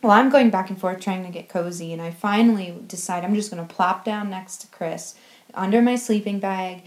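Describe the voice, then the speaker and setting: A woman recounting her experience in a lively, giggly storytelling way, often breaking into laughter. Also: mid-range voice, moderate pace. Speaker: travel vlogger. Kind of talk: storytelling recap.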